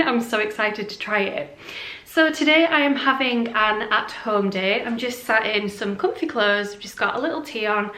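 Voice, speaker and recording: Woman doing a chatty beauty vlog at home, mid pitch, bit of room echo, lots of ums and likes. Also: fairly bright tone. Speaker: beauty vlogger. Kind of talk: casual chat to camera.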